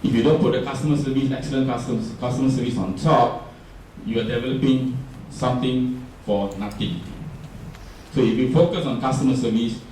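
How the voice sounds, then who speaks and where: A man's voice: medium pitch, fairly even intonation, fairly quick, darkish tone, a little hiss or hum. A man with a Singaporean English accent gives a chatty workshop talk and keeps asking the audience questions. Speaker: workshop speaker. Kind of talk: workshop presentation. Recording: roomy echo, distant mic.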